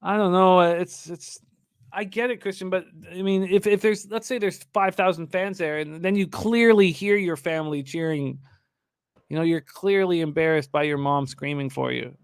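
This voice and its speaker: A man's voice: sits high, steady tone, normal speed, clear, resonant tone, no echo, studio quality. A man hosting a live sports betting show, talking casually with restarts and reading viewer comments aloud.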